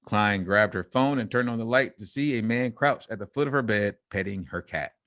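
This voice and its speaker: A man's voice: lowish voice, moderate pace, a bit bright, dry recording, clean studio sound. A man co-hosting a casual podcast, reading news stories aloud and joking and laughing between them. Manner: reads headlines, then riffs and laughs between lines. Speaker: podcast co-host.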